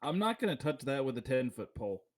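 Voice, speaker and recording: Brief: wry male podcast voice, medium pitch, understated. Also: sing-song, fast. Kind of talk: casual podcast chat.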